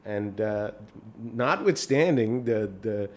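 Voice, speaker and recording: A man's voice: lowish voice, animated, slow, darkish tone. A man from Iran whose first language is Farsi, co-hosting a podcast in an easygoing way and often restarting his sentences. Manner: easygoing, restarts and trails off while thinking. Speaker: podcast co-host, lawyer. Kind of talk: casual conversation.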